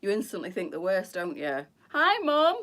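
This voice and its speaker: A middle-aged woman chats on a live stream at a middling pitch. She talks in a rambling way and greets viewers by name as she goes. She sounds like a boutique owner hosting a casual stream. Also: wildly swooping pitch, moderate pace, a bit bright.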